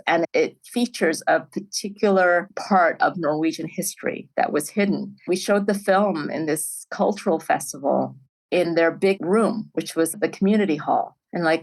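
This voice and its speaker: A woman's voice: on the low side, gravelly, rough recording. A woman telling stories with laughter. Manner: animated, laughs often while telling stories. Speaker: podcast guest, filmmaker. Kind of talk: storytelling in a podcast interview.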